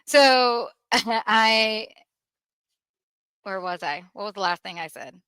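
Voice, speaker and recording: Bright, candid woman telling a story. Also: mid-range voice, takes it slowly, clear, resonant tone, no echo. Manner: candid, animated retelling with acted quotes. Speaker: podcast host. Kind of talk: personal storytelling.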